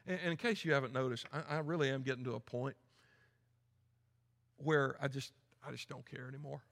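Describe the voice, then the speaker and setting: Blunt pastor with a gravelly voice. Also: male voice, medium pitch, steady tone, brisk. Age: 50s. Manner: blunt, folksy, swings from quiet asides to loud preaching. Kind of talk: sermon. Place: large church sanctuary. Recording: echoey church hall.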